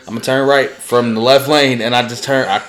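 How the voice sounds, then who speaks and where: A young man chats loosely on a podcast, his voice sitting at an ordinary middle pitch. He swears freely and trades jokey threats and teasing with his co-host. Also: fairly even intonation, a little fast, fairly bright tone. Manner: profane, joking trash talk. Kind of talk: casual chat.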